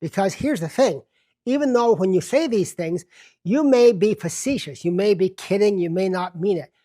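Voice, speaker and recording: A man hosting a self-help television show, teaching in a deliberate, emphatic way and slowing down to stress key words. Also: sits high, animated, mellow. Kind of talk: self-help lecture to camera.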